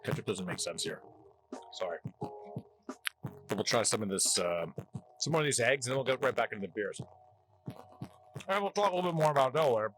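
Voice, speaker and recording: A man's voice: medium pitch, very animated, fairly quick, pauses often, a bit bright, faint music behind, poor audio. A man from New Jersey hosting a casual food-tasting vlog, chatty and wry as he jokes between bites. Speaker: host.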